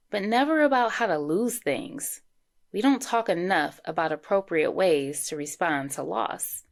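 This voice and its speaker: A woman host sums up the episode in a measured, reflective manner, reading from a script. Her voice sits a little low. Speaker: podcast host. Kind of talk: recapping and reflecting.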